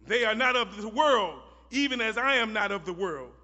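A man preaching a sermon who repeats phrases for emphasis and builds up to shouted, chanted lines. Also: sits high, animated, normal speed. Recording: muffled recording in a reverberant hall.

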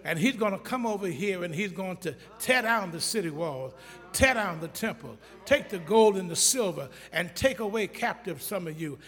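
A man with a high, bright voice delivers a blunt, folksy sermon to his congregation. He preaches with rising emphasis, at times near shouting. The sound carries the long echo of a church hall. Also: expressive, moderate pace.

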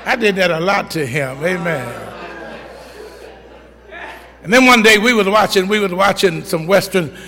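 A man's voice: high voice, expressive, measured pace, long pauses, bright, forceful tone, in a large hall. A middle-aged man preaching a sermon, telling folksy stories and calling for amens from the congregation. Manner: storytelling, folksy, call-and-response. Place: church.

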